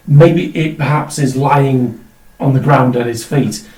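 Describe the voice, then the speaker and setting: A man's voice: medium pitch, a little slow, darkish tone, recorded from a distance. A man playing a tabletop superhero game, hesitant and wry, recorded on a laptop in the middle of the room. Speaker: player. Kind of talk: casual tabletop game play. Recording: echoey room audio from off-mic.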